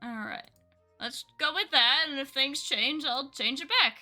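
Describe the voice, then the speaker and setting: A woman's voice: high voice, a little slow, sharp tone, faint music behind. A woman streaming a video game live, chatting playfully with her viewers. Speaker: gaming streamer.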